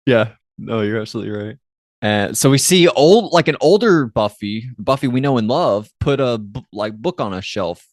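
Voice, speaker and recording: A man's voice: mid-range voice, lively intonation, normal speed, darkish tone, no room sound, studio quality. A man co-hosting a podcast, recapping a TV episode in casual chat, hesitant and trailing off, with many fillers. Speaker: podcast co-host.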